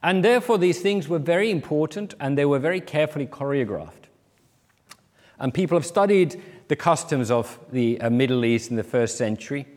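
A man's voice: on the high side, lively intonation, a little fast, a little mellow, in a large hall. A man preaching a sermon, explaining a parable and briefly acting out the people he quotes. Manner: explanatory, acts out quoted speakers.

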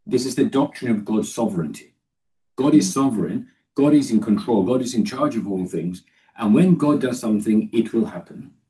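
Male preacher, low mellow voice, emphatic with fillers, recorded from a distance. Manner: emphatic, rises sharply when quoting scripture, many fillers and restarts. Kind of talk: sermon.

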